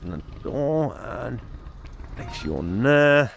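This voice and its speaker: A man commenting as he plays a VR game, chatting and muttering to himself as he works. His voice is mid-pitched and bounces around a lot as he talks unhurriedly, with faint noise behind him. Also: big pitch swings, takes it slowly, creaky. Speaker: gaming YouTuber.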